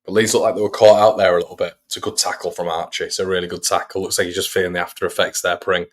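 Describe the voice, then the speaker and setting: Bloke doing a live match watch-along, lowish voice, chatty play by play, keeps talking to his viewers. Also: little pitch movement, rapid-fire. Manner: chatty, reads out viewers' messages between play-by-play. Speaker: fan channel host.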